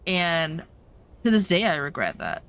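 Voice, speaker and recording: A woman's voice: on the low side, big pitch swings, a little slow, a bit bright, clean tone. A woman streamer chatting casually over gameplay, telling personal stories bluntly and emphatically, swearing now and then.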